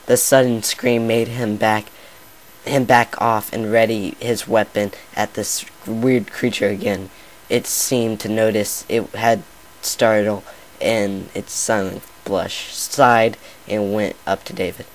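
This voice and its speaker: A man's voice: on the low side, level tone, a little slow, a little hiss or hum, poor audio. A man casually reading a fan fiction story aloud, often stumbling and restarting his words. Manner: stumbling, many fillers and restarts. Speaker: story reader.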